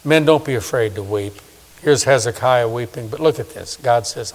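A man in his sixties preaching a sermon, swinging from loud emphasis to hushed, soft asides. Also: medium pitch, normal speed. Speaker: pastor. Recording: long reverb of a large hall.

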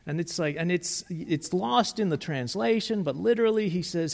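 A man preaching a sermon, retelling stories in a conversational, animated way with frequent restarts. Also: on the high side, moderate pace, vocal fry, few pauses, long reverb tail. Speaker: pastor.

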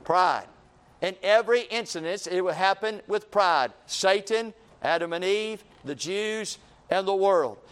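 A man's voice: high-pitched, a little slow, clear, resonant tone. A man preaching a sermon in a repetitive, rhythmic cadence, calling his listeners friend.

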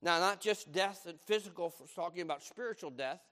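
An older man preaches with emphasis, driving his points home by repeating them. His voice sits high for a man. A long reverb trails each phrase. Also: a little fast, a bit bright. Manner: emphatic, repeats key lines, acts out quoted voices. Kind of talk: sermon.

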